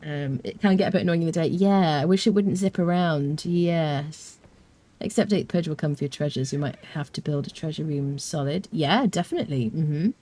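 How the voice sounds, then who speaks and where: Chatting casually while she streams a game live, a British woman rambles with fillers and answers her chat. Her voice is low-pitched and mellow, moving at a moderate pace.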